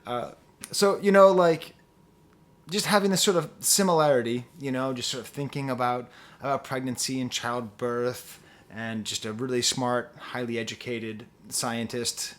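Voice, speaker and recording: A man's voice: mid-range voice, steady tone, normal speed. A man giving a casual talk-to-camera album review, rambling and digressive with lots of fillers, earnest and pleading in his enthusiasm.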